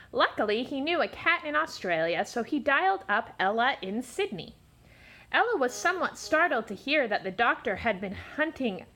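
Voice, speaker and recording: A woman storyteller giving an animated storybook reading aloud. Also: on the high side.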